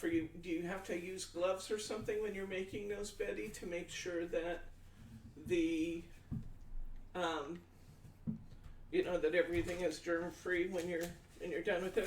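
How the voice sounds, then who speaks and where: A man's voice: high-pitched, darkish tone. Chatty man demoing crafts in an echoey room. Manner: chatty, folksy, answers viewer comments aloud; talks through measurements step by step. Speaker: craft show host. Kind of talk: live-stream crafting demonstration. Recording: echoey room, distant mic, faint noise.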